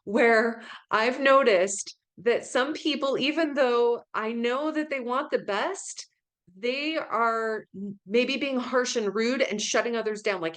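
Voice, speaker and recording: A woman's voice: a little high, expressive, moderate pace. Woman presenting a live webinar. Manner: conversational, addresses attendees by name; demonstrates tones of voice in short acted examples. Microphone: video call.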